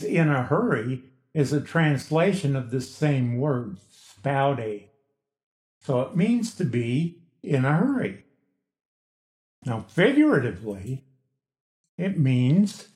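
A male pastor teaches through scripture in a slow, measured cadence, leaning hard on key words. His pitch sits a little high and swings widely as he stresses each point. The sound carries the echo of a large room. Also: a little mellow. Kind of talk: expository sermon.

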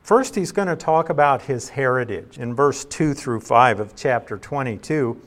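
A man's voice: mid-range voice, expressive, moderate pace. Man, pastor, verse-by-verse bible teaching, conversational, reads scripture aloud, mid-range voice.

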